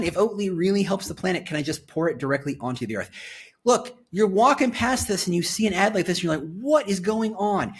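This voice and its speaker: A man reviewing a company's career website on screen, reading its copy aloud and reacting with excited commentary. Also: on the high side, slightly rough. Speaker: employer branding commentator.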